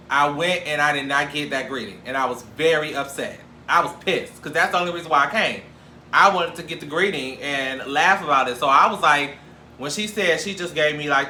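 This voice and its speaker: Guy hosting a gossip show, bright forceful voice, echoey room, kinda animated and jokey. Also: a little high, a little fast, slight background noise. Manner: animated, jokey, profane, acts out quoted lines. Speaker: show host. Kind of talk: casual gossip commentary. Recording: echoey room with faint ambience.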